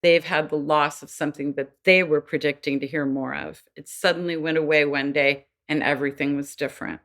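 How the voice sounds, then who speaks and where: Her voice sits low and steady, fairly bright, moving a little fast. She's on a podcast as an expert guest on child development, giving sincere explanations and sometimes voicing the people she quotes.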